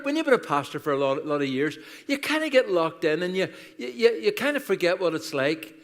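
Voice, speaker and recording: A man's voice: high voice, a bit bright. A man in his sixties with an Irish accent, a guest pastor telling funny stories in a chatty, self-deprecating sermon. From Ireland. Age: 60s. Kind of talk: humorous sermon storytelling. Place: church auditorium. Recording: reverberant church hall.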